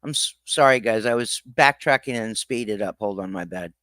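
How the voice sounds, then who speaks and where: A man's voice: lowish voice, moderate pace, a bit bright, dry recording, clean studio sound. A man hosting a reaction livestream, ranting angrily and swearing at the people he is rebutting. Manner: angry, profane ranting. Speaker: livestream host.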